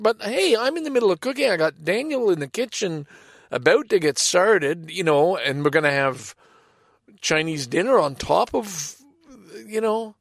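A middle-aged man telling a casual personal anecdote in a rambling, halting way, with sighs and restarts. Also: on the high side, big pitch swings, gravelly, dry recording, clean studio sound. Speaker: storyteller.

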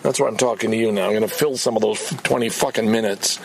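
A man's voice: lowish voice, fairly even intonation, quick pace, creaky, noisy background. An older man, ranting and swearing in a personal vlog about a frustrating day. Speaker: vlogger.

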